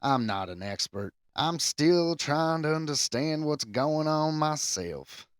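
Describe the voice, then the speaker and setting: A man putting on a Southern accent to voice a grizzled male rock guitarist musing about UFOs, a deliberately off-target drawling impression. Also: fairly high pitch, expressive.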